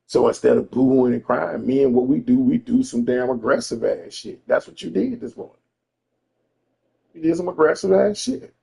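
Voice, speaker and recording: Gravelly, dark-voiced man ranting. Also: mid-range voice, moderate pace. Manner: profane, emphatic, repeats himself. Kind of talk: casual storytelling rant.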